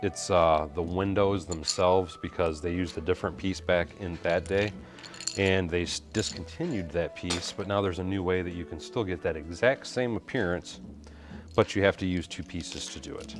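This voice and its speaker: A man's voice: low-pitched, fairly even intonation, moderate pace, over music. A man hosting a live stream, chatting casually and greeting viewers while he sorts bricks, with his mic set a little away from his face. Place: home hobby room. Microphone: mic kept a little away from the face.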